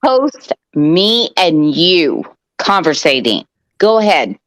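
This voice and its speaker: Defiant woman, slow and sweeping. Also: lowish voice, big pitch swings, fairly bright tone, no room sound. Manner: defiant, curt, swearing. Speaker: panel guest. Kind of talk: heated argument.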